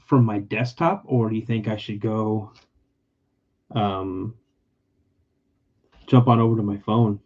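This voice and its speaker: A man's voice: fairly low pitch, slow, pauses often, darkish tone, highs cut off. A man hosting a casual livestream podcast, rambling and emotional, often repeating himself as he tells personal stories. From California. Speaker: podcast host.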